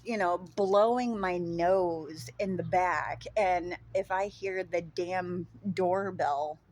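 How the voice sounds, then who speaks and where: A woman with a Minnesota accent talks casually to her vlog audience. She rambles at an unhurried pace in a fairly low voice, filling gaps with ums and dropping casual swear words. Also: darkish tone. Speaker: vlogger. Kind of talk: casual chat.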